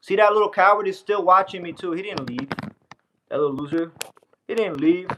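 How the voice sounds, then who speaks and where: A man's voice: high voice, brisk, bright, forceful tone, slight background noise, rough recording. A man from the United States, livestreaming casually, reading comments with a boastful, brash, scattered way of talking. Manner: boastful, brash, scattered, often says "hold on" and "bro".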